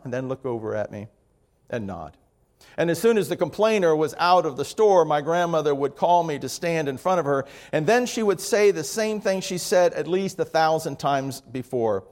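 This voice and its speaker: Pastor preaching a slow, emphatic sermon. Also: male voice, a little high. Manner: slow, emphatic delivery with soft trailing phrases. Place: church sanctuary.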